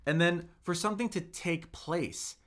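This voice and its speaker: A man teaching a livestreamed Mandarin lesson, slowly modeling words for viewers to repeat and chatting with the chat between them. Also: sits high, a bit bright. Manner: slow, drawn-out modeling of words for repetition; chatty, reads viewer comments aloud.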